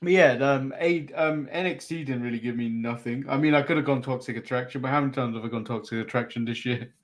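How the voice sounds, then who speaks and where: An English man with an English accent co-hosting a casual podcast, laid-back and quick to laugh. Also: medium pitch. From England. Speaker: co-host.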